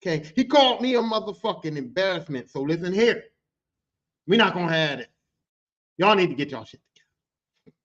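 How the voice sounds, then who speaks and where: A man's voice: sits high, moderate pace, long pauses. A man telling a workplace story in casual, profane talk, acting out the voices of the people in it. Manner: profane, animated, acts out quoted people. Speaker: podcast host telling a story. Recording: dull lo-fi sound.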